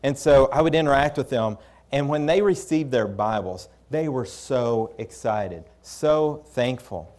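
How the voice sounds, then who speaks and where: A man's voice: mid-range voice, a little slow, a little mellow. A man preaching a sermon, recounting his experiences in a candid, conversational way with frequent restarts. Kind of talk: storytelling sermon.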